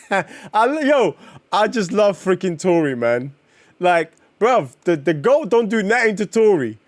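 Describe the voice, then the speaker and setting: A man, chatting casually on a live stream while reading comics, slangy and excitable as he reacts to chat. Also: high-pitched, a little slow, no room sound.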